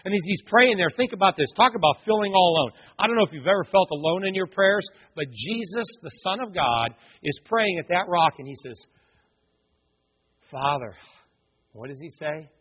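A man preaching a sermon as a pastor, dramatic and animated, acting out quoted voices. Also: high voice, normal speed, slightly rough. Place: church sanctuary. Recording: muffled, long hall reverb.

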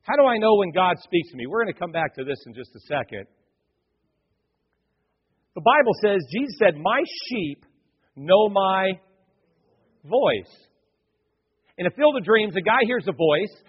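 A man preaches from the pulpit in a high, husky voice, firing rhetorical questions at the room and dropping to near-whispers between bursts. His words ring out with long reverb through a church hall, and the recording has a dull, muffled sound. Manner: animated preaching, rhetorical questions, swings between loud and hushed. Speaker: pastor. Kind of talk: sermon. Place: church sanctuary.

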